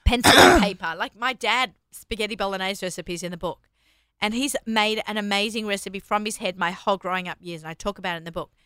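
Woman, chatty cookbook author, animated storytelling, dry close mic. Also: mid-range voice, fast talker, clear, resonant tone, dry recording. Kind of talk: casual chat.

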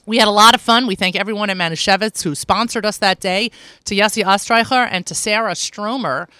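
Upbeat woman radio host, chatty morning show delivery, bright crisp voice, dry close studio sound. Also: medium pitch, fairly quick, no echo. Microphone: studio microphone.

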